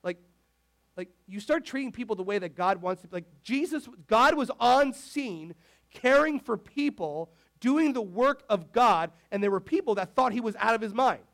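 A man preaching a casual, animated sermon, peppering his speech with "like". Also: sits high, normal speed. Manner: animated, filler-heavy with frequent "like"; talks to the tech crew mid-sermon. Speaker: pastor.

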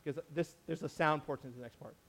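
A man's voice: on the high side, steady tone, quick pace, creaky, a bit bright. A man preaching a sermon in a casual, conversational way, correcting himself often and acting out the people he quotes. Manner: conversational, lots of "like" and self-corrections, acts out quotes. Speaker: pastor.

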